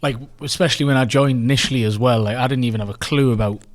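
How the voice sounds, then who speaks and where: A man's voice: mid-range voice, fairly even intonation, rapid-fire. A man co-hosting a club podcast in casual chat, rambling with lots of fillers and restarts. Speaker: podcast co-host. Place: club podcast recording with mates.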